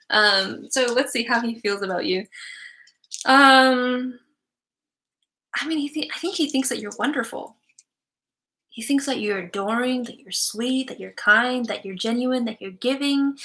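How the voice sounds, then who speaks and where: A woman's voice: on the high side, pushed and bright. A young woman giving psychic readings on a live stream, chatty and giggly with many fillers.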